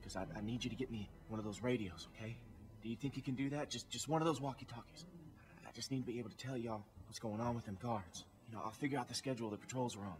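An actor playing a tired young man who has snuck in to help captives, talking in a hushed, urgent and hesitant way. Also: mid-range voice, fast, lightly acted. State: exhausted from no sleep. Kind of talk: video game voice acting. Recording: game audio with music behind.

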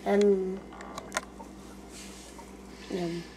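A woman co-hosting a family vlog, chatting casually while cooking, soft-spoken and often half-whispered. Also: medium pitch, level tone, very slow, noisy background. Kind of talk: casual kitchen chat.

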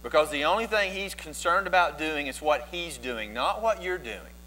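A pastor preaching a sermon, telling the story with lively, animated asides. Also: male voice, on the high side, moderate pace, slight background noise, rough recording. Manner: animated storytelling, voices biblical figures in asides.

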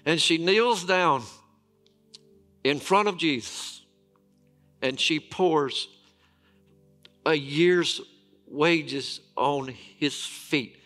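Bright-voiced man preaching. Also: a little high, faint music behind. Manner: storytelling preacher, dramatic pauses and emphatic repetition. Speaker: lead pastor. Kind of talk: sermon.

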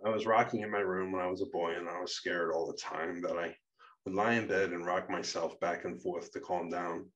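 A man with a deep voice reads his own memoir aloud. His delivery is plain, steady and earnest. The recording sounds dull and set back from the mic. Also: fairly quick. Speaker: narrator. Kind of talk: reading a personal memoir aloud. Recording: muffled, distant mic.

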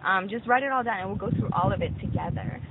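A man's voice: high-pitched, fast. A man leading a bible study, talking earnestly and reassuringly with many fillers. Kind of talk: earnest counseling talk. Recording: tinny phone-like audio with loud noise.

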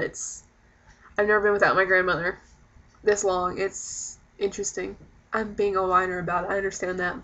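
A woman's voice: mid-range voice, a bit bright, highs cut off. A young woman chatting casually in a rambling vlog, sprinkling in swear words. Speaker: vlogger.

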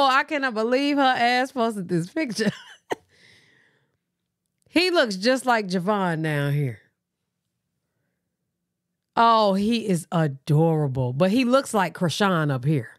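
A woman hosting a live reaction stream, excitable, squealing and laughing often. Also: mid-range voice, no echo, clean studio sound. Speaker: reaction livestream host.

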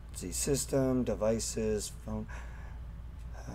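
A young man talks his way through a game stream in a loose, casual chat. His pitch swings widely, dropping to mutters and then jumping up into excited whoops. He swears freely as he plays. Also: slow pace, gravelly, slight background noise. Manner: excitable, swears often, squeals at thrills. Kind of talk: casual gameplay commentary.

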